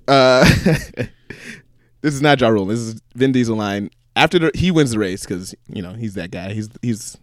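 A man's voice: lowish voice, moderate pace, no echo, studio quality. A man co-hosting a casual podcast, telling movie stories with swearing and laughter. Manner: animated storytelling, swearing, laughing. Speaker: podcast co-host. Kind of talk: casual chat.

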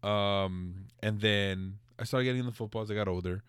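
A man's voice: lowish voice, moderate pace, fairly bright tone, clear, resonant tone, no echo. A young man from Los Angeles hosting a casual podcast, joking, laughing and swearing playfully. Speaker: podcast host. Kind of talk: casual chat.

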